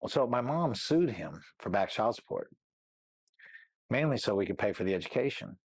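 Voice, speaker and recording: A man's voice: on the low side, big pitch swings, moderate pace, slightly rough, dry recording. A middle-aged man speaking as an interview guest, telling his story candidly and rambling with lots of "you know what I mean" asides.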